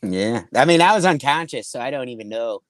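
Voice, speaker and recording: A man's voice: medium pitch, lively intonation, a little fast, a bit bright, dry recording. Comedian guy rambling thru a crude gig story, swears a lot, does little voices, dry close sound. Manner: rambling, profane, acts out quoted voices. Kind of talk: casual storytelling chat.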